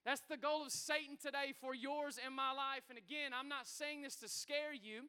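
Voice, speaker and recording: Brief: male pastor, high bright tenor, energetic folksy sermon delivery. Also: normal speed. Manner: energetic preaching, calls to the congregation; conversational, folksy asides. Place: church sanctuary with congregation.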